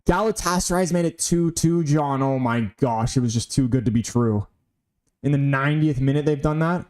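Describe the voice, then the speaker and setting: A man reacting live to a football match, excitable and pleading, swearing often, in a fan watch-along. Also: on the high side, normal speed. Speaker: fan streamer.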